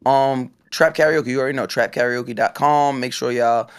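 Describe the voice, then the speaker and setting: A man's voice: medium pitch, steady tone, normal speed, clear, resonant tone. A young man hosting a podcast, joking and teasing his co-hosts between show plugs. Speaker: podcast host. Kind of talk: casual podcast banter.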